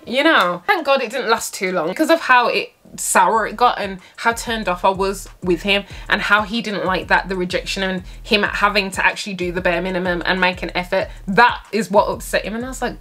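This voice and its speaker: Animated young woman telling a story. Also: a little fast, hardly any pauses, faint music behind. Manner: animated and dramatic, big swings in pitch, sassy asides. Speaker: vlogger. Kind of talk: storytime vlog chat.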